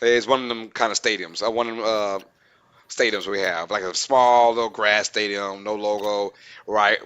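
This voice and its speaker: Young male podcast co-host, animated and slangy, bright tone. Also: fairly low pitch, normal speed, clear, resonant tone, dull audio. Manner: animated storyteller, slangy, laughs often. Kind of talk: casual sports chat.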